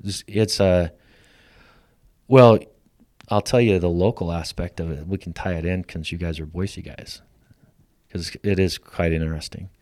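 A middle-aged man, a podcast guest, telling a personal story in a lively way and acting out the lines of the people in it. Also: sits low, unhurried, no echo. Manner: lively storyteller who acts out quoted lines. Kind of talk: storytelling in casual conversation.

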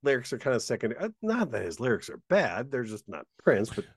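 A man co-hosting a podcast in casual chat, animated and jokey, swearing casually. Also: medium pitch, fast talker, slightly rough, no echo, studio quality. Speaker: podcast co-host.

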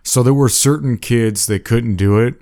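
A man's voice: mid-range voice, normal speed, dark tone, no room sound, clean studio sound. A man in a casual chat, laid-back and swearing casually as he explains with examples.

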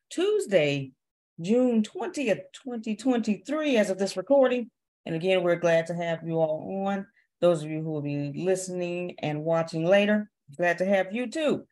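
A host opening a casual livestream in an upbeat way, laughing and fumbling through the introduction of his co-host. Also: high-pitched.

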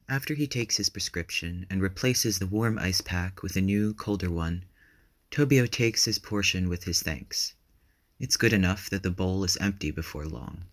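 A man reads a fan-written story aloud with a very deep, low voice. His narration is steady and even, unhurried from line to line. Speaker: reader. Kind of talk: reading fan fiction aloud.

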